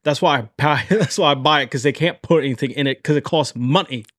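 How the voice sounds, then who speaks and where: A man's voice: fairly high pitch, quick pace, fairly bright tone, no echo, clean studio sound. A man doing a mocking impression of a male influencer ranting about tap water.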